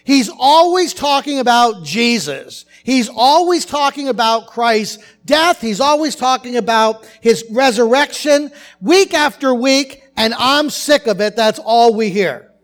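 A man's voice: high-pitched, animated, a little slow. A man quoting a ranting churchgoer woman. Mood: complaining. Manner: ranting, exasperated. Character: unhappy middle-aged churchgoing woman, complaining.

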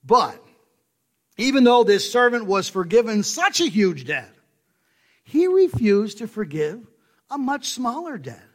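A male pastor preaching a sermon, emphatic and full of rhetorical questions, dropping to soft low asides and rising to loud stressed points. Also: big pitch swings, measured pace, pauses often.

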